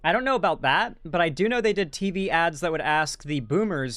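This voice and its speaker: A young man talks through a video in loose, blunt commentary, swearing and doubling back on himself. His voice sits a little high. Faint music plays behind him. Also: expressive, brisk, fairly bright tone, no room sound. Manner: blunt and rambling, swearing, self-correcting. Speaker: commentary streamer. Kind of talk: reacting to a video with casual commentary. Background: faint background music.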